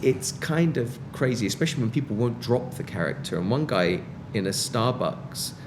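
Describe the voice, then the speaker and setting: A man's voice: mid-range voice, animated, normal speed, noisy background. A British man, a musician guest in a casual interview, telling stories with wry, self-mocking humor.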